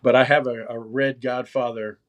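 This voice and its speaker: A man's voice: medium pitch, level tone, normal speed. A man in his fifties, an interview guest, talking in a loose, rambling way with many restarts. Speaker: interview guest, former magazine writer. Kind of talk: casual interview chat.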